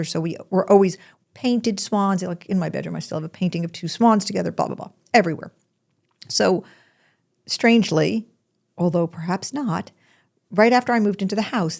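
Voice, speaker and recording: A woman's voice: lowish voice, creaky, darkish tone. A woman hosting a podcast, telling a personal story in a chatty, rambling way with asides and restarts. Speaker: podcast host.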